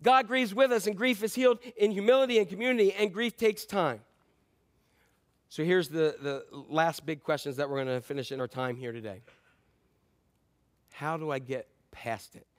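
Preaching like he's talking with the congregation, the pastor leans on repeated key phrases and frequent ums. Some lines come out loud and emphatic, others as hushed, low remarks.

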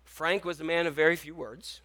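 A man's voice: fairly high pitch, steady tone, fairly quick, pushed and bright. A man preaching a sermon in a conversational way, asking the congregation questions and telling stories. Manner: conversational, asks the congregation questions, tells anecdotes. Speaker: pastor.

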